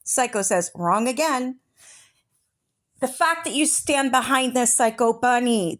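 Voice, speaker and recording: On the high side and at a measured pace, this woman hosts a true-crime commentary channel online. She reads chat messages out loud, then erupts in angry, profanity-laced, confrontational interjections.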